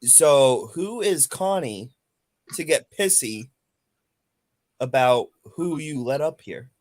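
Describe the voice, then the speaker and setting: A man's voice: medium pitch, expressive, slow, a little mellow. Blunt joking man on a stream panel. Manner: blunt, joking, pointed questions. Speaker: panel guest. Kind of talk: casual livestream chat.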